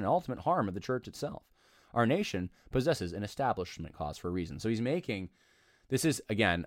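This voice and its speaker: A man reading aloud from an article and critiquing it in an argumentative, animated way, breaking in with asides and short laughs. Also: lowish voice, no echo, clean studio sound. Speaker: commentator.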